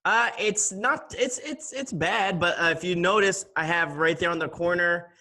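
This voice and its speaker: A young man hosting a casual chat, relaxed and quick to laugh. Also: sits high. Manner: relaxed, laughs easily, many fillers. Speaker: host.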